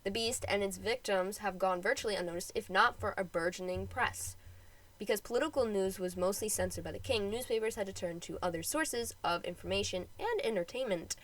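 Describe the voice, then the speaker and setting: A woman hosting a history podcast, reading her script and breaking off for quick, jokey casual asides. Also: medium pitch, poor audio. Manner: chatty, jokey asides between read passages. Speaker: podcast host.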